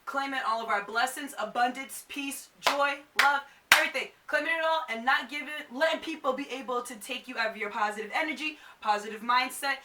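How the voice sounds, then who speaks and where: A woman's voice: high voice, brisk, few pauses, distant mic, heavy background noise. A woman in her twenties chatting to camera as a vlogger, casual and full of "like". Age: 20s. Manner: chatty, fills with "like". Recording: echoey room, a bit off mic.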